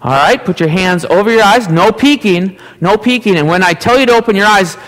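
A man with an Upper Midwest American accent, leading a children's message in church and gently asking the kids playful questions. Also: high voice, expressive, a little fast. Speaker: pastor giving a children's message. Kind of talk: children's sermon. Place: church sanctuary. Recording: long church hall reverb.

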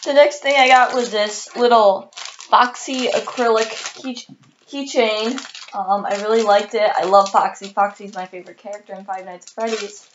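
A woman vlogger talks casually and eagerly in a middle pitch, hiccuping now and then. She fills her pauses with ums and sos. The recording sounds dull and lo-fi. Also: slight background noise. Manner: chatty and excitable, many ums and sos. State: has the hiccups. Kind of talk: casual haul video chat.

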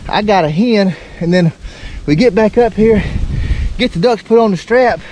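A man, narrating his duck hunt in a folksy, excitable way, recorded outdoors in a windy marsh on a camera mic. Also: high-pitched, normal speed. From Alabama. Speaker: duck hunter and channel host. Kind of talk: outdoor hunting vlog narration. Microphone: handheld camera mic.

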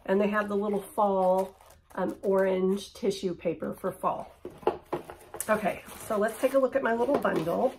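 Middle-aged woman, casual haul vlogger, gravelly fry. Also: medium pitch, slight background noise. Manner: chatty, upbeat, drops to a near whisper for close-ups. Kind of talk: casual chat unboxing and try-on.

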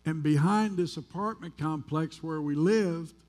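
Male pastor from the US, high-pitched, candid, conversational sermon delivery in a church. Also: a little slow, a little mellow. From United States. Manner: conversational storytelling, candid and self-deprecating. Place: church sanctuary.

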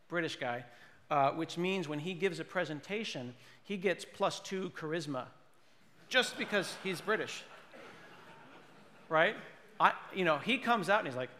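Male conference speaker, playful comic delivery, slightly high pitch, hall reverb. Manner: animated, jokey, mimics people with put-on voices. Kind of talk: comedic tech keynote.

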